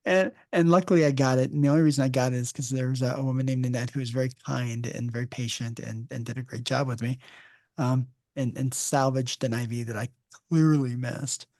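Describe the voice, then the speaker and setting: A man hosting a podcast, speaking in a gravelly, warm, mellow tone. He tells easygoing stories and slips in jokes. The sound is close and dry, with no room echo. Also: medium pitch, fairly quick. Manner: relaxed storyteller who jokes. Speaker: podcast host. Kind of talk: casual conversational interview.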